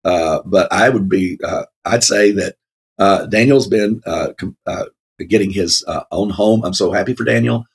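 A man's voice: low-pitched, moderate pace, vocal fry, breathy edge. A man co-hosting a casual Bible discussion, rambling with many fillers and frequent laughs. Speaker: co-host of a Bible talk show.

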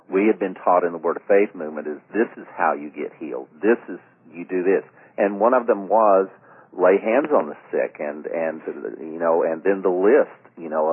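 A man's voice: low voice, breathy edge. A man co-hosting a radio talk show, a former pastor telling stories in a rambling way with many fillers. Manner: rambling storyteller, trails off with fillers. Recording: narrow phone-like radio sound.

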